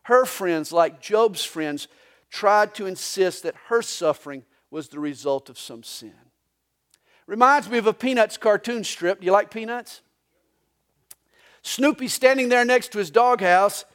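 Man, pastor, lively sermon in church, high voice, folksy anecdotes and humor. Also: a little slow. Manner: storytelling with jokes and anecdotes. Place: church sanctuary during a live service.

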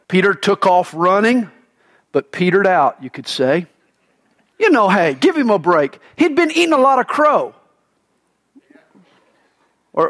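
A pastor with a notably high voice preaches a sermon. He is emphatic and dramatic, rising to loud declarations and then dropping to a hush. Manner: dramatic, emphatic preaching with wide swings in pitch and loudness.

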